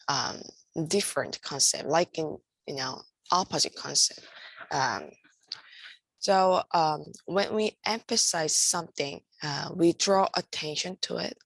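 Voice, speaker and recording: Slow, low-voiced woman lecturing with fry. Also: a bit bright, no room sound. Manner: hesitant, many fillers. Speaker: art instructor.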